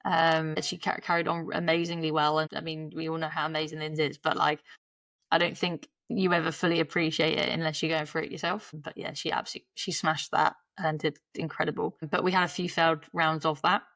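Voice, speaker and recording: Gravelly woman sharing a story. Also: sits low, little pitch movement, fairly quick, fairly bright tone, no room sound. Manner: chatty, laughs often, self-interrupting. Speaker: podcast guest. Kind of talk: candid conversational storytelling.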